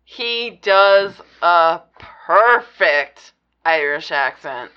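A woman speaks slowly with a bright edge and lively swings in pitch, dry and sarcastic as she co-hosts a podcast. Her sound is dull and lo-fi. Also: smooth. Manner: dry, sarcastic, eye-rolling. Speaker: podcast co-host. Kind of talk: casual banter.

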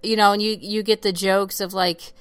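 A woman co-hosting a podcast, chatting casually in an animated, joking, self-mocking way. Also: mid-range voice, moderate pace, smooth, no echo. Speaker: podcast co-host. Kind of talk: casual chat.

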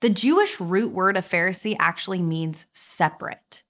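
A woman with a slightly low voice gives a church sermon. She talks in an easy, conversational way and reads scripture steadily. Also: expressive, normal speed, fairly bright tone. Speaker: guest speaker at a church.

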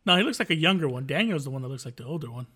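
A man's voice: a little high, animated, rapid-fire, fairly bright tone, slightly rough. A man co-hosting a podcast, chatting casually in a rambling, jokey and profane way. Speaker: podcast co-host.

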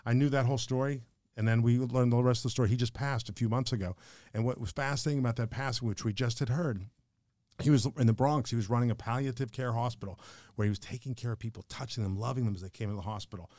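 Fast-talking older man storyteller. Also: medium pitch, dry recording, clean studio sound. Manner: fast, animated storyteller who acts out quoted dialogue. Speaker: podcast guest, financial advisor. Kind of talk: emotional storytelling in conversation.

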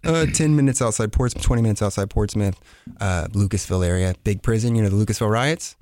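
A man's voice: lowish voice, fast talker, darkish tone, no echo. A young man from southern Ohio, a guest comedian, talking in a laid-back, jokey way with casual swearing. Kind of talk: casual podcast chat.

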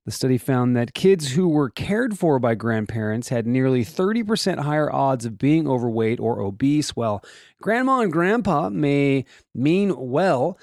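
A man's voice: mid-range voice, big pitch swings, measured pace, darkish tone, no room sound, clean studio sound. A man hosting a show, reading offbeat news stories in a comedic way and breaking off for joking asides and rhetorical questions. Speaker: host.

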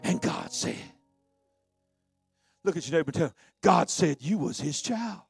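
A man preaching a sermon, swinging from low conversational talk to shouted, sung preaching. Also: expressive, moderate pace, vocal fry, husky, soft background music.

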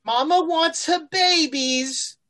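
A woman's voice: high-pitched, expressive, slow, a bit bright, pitched above the performer's own voice, full character voice. A woman putting on a crooning monster mother. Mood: coaxing. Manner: crooning, coaxing. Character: monstrous ancient mother creature calling her babies.

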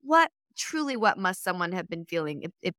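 A woman telling a story casually in a conversation, lively and laughing as she acts out the quoted texts. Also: lowish voice, fairly quick, no room sound, studio quality.

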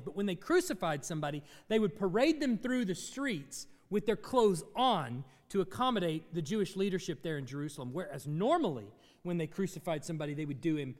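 A man's voice: high-pitched, in a large hall. A man preaching a sermon as pastor, teaching through a Bible passage and asking his congregation questions.

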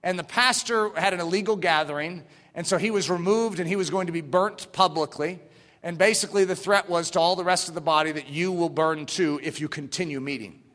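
A man preaching a sermon with passion, rising to shouts and dropping to hushed near-whispers. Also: fairly high pitch, a little fast, in a large hall. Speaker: pastor.

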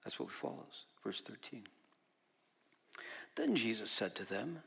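A man's voice: lowish voice, very animated, a little slow, gravelly, pauses often, a bit bright, breathy edge. A man preaching a sermon as a pastor, talking conversationally and quizzing his congregation. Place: church service.

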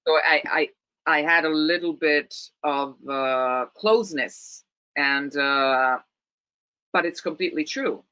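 Italian-accented actress, bright and dry. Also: female voice, sits low, slow, clean tone, no room sound, poor audio. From Italy, Rome. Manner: thoughtful, many restarts and repeated words. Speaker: actress, guest. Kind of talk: interview conversation.

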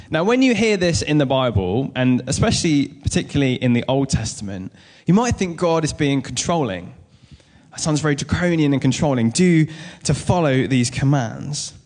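A man preaching a sermon in a relaxed, conversational way, mixing Bible reading with personal stories. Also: mid-range voice. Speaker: pastor.

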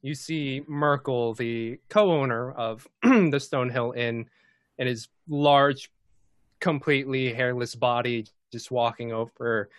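A man narrating and running a tabletop game as game master, in a relaxed way with many fillers. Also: mid-range voice, slow pace, no room sound.

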